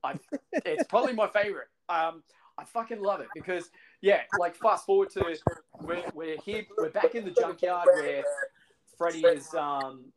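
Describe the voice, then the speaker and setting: A man's voice: fairly high pitch, moderate pace, a crowd in the background, rough recording. A man co-hosting a casual podcast, recounting movie scenes with enthusiasm and plenty of swearing. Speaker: podcast co-host. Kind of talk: casual chat.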